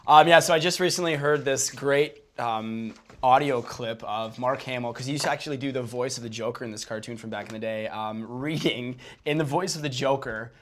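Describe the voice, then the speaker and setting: A man's voice: medium pitch, a little fast, few pauses. A man on a casual podcast panel, enthusiastically recommending a clip. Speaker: podcast co-host.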